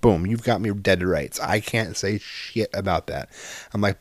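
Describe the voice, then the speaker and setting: A middle-aged man telling a long story casually, animated and profane, swearing freely. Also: low voice, moderate pace, dry recording.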